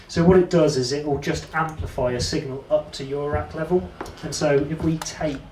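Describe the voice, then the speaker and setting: A man's voice: a little high, fairly even intonation, a little fast. A man giving a casual, rambling, self-deprecating demo of electronic music gear. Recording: echoey room, distant mic, loud background noise.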